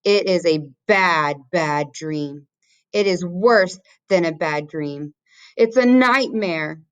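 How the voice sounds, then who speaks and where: A woman's voice: lowish voice, slow pace, clean tone. A woman voicing a big friendly male giant who talks in garbled grammar and odd invented words. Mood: distressed. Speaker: teacher reading aloud.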